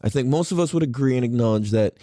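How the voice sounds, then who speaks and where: A man in his thirties hosting a podcast, talking in an excitable, rambling way and swearing freely. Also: mid-range voice, fast, dry recording, clean studio sound. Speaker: podcast host. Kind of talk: casual solo podcast talk.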